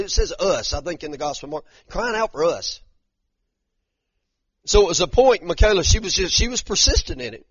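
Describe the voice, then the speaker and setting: A male pastor delivers a sermon in a conversational, meandering way, doubling up words as he goes. His voice sits a little high for a man. The recording is muffled and lo-fi, with no room echo at all. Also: animated, brisk, slightly rough. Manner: conversational, frequent restarts and repeated words, addresses the congregation directly.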